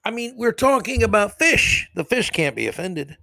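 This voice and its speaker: A man's voice: high voice, big pitch swings, moderate pace, creaky, dry recording. Sarcastic man ranting on a podcast. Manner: sarcastic, mocking, swings from mutters to loud jabs. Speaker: podcast host. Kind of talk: solo opinion podcast monologue.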